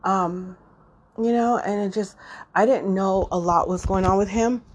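A middle-aged woman talking unscripted and emotionally, halting with many fillers and restarts, choked up and near tears. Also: mid-range voice, steady tone. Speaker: podcast host. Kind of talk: unscripted personal monologue.

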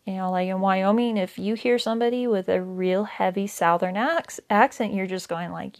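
A woman's voice: mid-range voice, normal speed. Chatty woman teaching a Bible study. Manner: conversational, many fillers and self-corrections. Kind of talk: casual Bible study talk.

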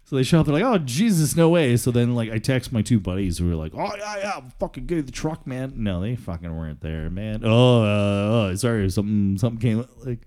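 A man's voice: on the low side, fairly quick, few pauses, dark tone. A man, telling rambling, profane stories in casual chat and laughing often.

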